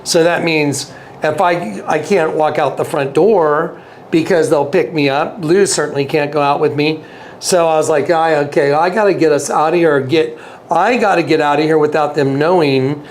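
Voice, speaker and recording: At a normal pace and with a little hiss or hum in the recording, a man with a slightly high voice shares a personal story. He is an interview guest in this casual storytelling, earnest and repetitive, acting out the dialogue he quotes.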